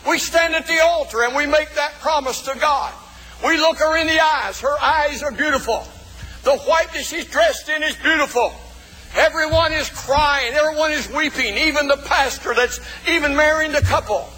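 A male pastor preaching a sermon in a folksy way, calling out to the congregation and shouting for emphasis. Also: very high voice, moderate pace, soft background music. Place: church. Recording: long reverb of a church hall.

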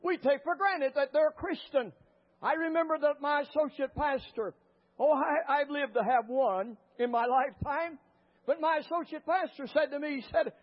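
A man preaching a sermon as a pastor, telling stories with fervor and rising to shouts. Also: very high-pitched, moderate pace. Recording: muffled lo-fi recording.

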